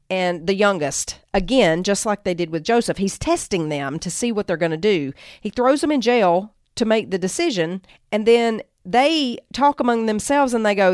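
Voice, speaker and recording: A woman's voice: medium pitch, no room sound, clean studio sound. A woman podcast host retelling a Bible story in a conversational teaching style, reading quoted lines and adding asides.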